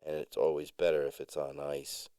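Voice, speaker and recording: A man voicing an eager woman customer who stammers with excited questions. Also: a bass voice, normal speed, clear, resonant tone, no room sound. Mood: insistent.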